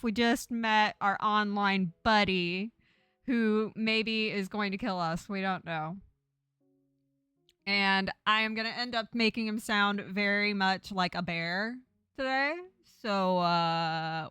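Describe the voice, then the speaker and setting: A woman's voice: mid-range voice, takes it slowly, clear, resonant tone, no room sound, soft background music. A woman streamer chatting playfully to her viewers, lisping from a sore on her tongue. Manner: playful, loud, swearing. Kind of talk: casual game stream chat and reading. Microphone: headphones, streaming mic.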